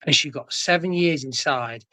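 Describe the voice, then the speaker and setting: A young man in casual live-stream chat, talking emphatically, swearing often and rising into loud bursts. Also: a little high, normal speed.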